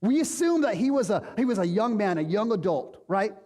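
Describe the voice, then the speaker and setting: A man's voice: high-pitched, very animated, brisk, mellow, big-room sound. A man preaching a sermon as pastor, conversational and emphatic, asking rhetorical questions of his congregation. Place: church sanctuary.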